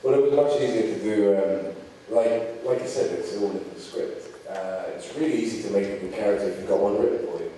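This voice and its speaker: A man's voice: fairly low pitch, fairly quick, mellow. An actor jokes about himself while answering questions at a festival Q&A. He is picked up from a distance in a big hall, and the sound is heavy with echo and a faint background hiss. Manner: self-deprecating, joking. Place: festival screening venue, audience. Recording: roomy hall audio from far off.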